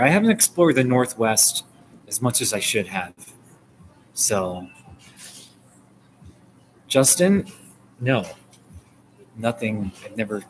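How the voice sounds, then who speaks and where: A chatty American man in his forties hosts a casual live stream and answers his viewers as he goes. His pitch sits in the middle but leaps up whenever he gets excited, and he laughs a lot. A crowd murmurs clearly behind him. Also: low-quality recording. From United States. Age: 40s. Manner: chatty, laughs often, animated jumps in pitch. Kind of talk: casual live-stream chat reading comments.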